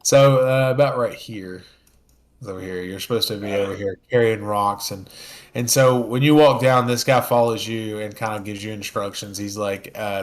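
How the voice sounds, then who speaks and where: A man narrating as game master, casual and full of fillers, slipping into quick character lines. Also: lowish voice, steady tone.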